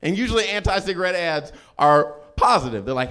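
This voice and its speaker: A man doing a stand-up set on a club stage, jumping into loud shouted quotes. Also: high voice, animated, fairly quick, few pauses. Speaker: stand-up comedian. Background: live audience.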